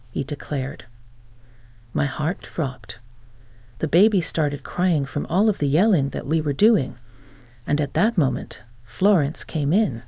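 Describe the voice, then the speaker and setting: A woman narrating a first-person family story in a steady, plain way. Her voice is gravelly and dark, recorded dry and close with no room sound. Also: low-pitched, a little slow, no room sound.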